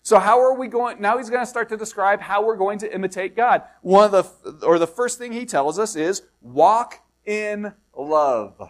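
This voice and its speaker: A middle-aged American pastor preaches a sermon in a high voice, conversationally explaining a passage and frequently posing rhetorical questions to his listeners. He keeps a moderate pace with few pauses.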